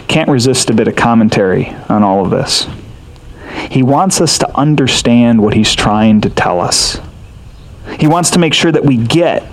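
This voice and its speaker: A man's voice: mid-range voice, rough recording. Earnest male preacher explaining scripture. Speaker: pastor. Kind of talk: sermon.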